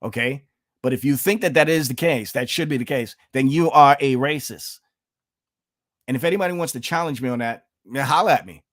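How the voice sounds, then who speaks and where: A man's voice: mid-range voice, brisk, a bit bright. A man from the United States giving emphatic political commentary on his vlog, repeating himself and addressing viewers as folks.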